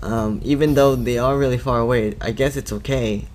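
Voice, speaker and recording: A man's voice: medium pitch, fairly even intonation, darkish tone, soft background music, lightly acted. A man voicing a timid young schoolgirl class president in a visual novel, speaking hesitantly. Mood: nervous. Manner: hesitant, halting.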